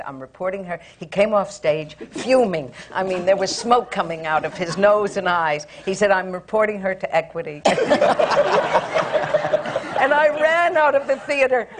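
A woman, a stage actress, telling a theatre anecdote on a panel, laughing often as she goes. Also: medium pitch. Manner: lively storyteller, laughs often.

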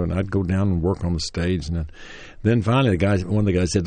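Speaking briskly with few pauses, an older Tennessee man tells an interviewer a long, meandering story of his first acting days. His low, mellow, husky voice has vocal fry, with no room sound. He chuckles and restarts often, and gives quoted lines a livelier voice.

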